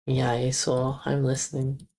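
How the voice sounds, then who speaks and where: Woman, very low voice, slow talker, casual stream chat, practices pronunciation by repeating words. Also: completely flat delivery, mellow. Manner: blurts out casual exclamations and curses.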